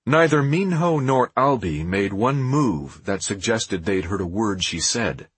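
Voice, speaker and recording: A man reading an audiobook in a dramatic, expressive scripted narration. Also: lowish voice, a little slow, hardly any pauses, breathy edge, no echo.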